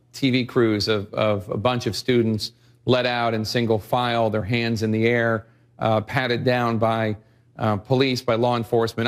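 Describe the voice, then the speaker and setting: A man as news anchor, asking measured questions with a few hesitations. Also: mid-range voice. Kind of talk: broadcast interview.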